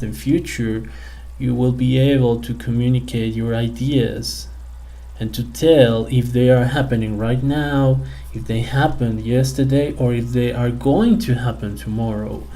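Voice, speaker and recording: A man's voice: medium pitch, dark tone, low-quality recording. A man teaching a simple English lesson to children, asking them many friendly questions. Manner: slow, patient, talks to kids with questions.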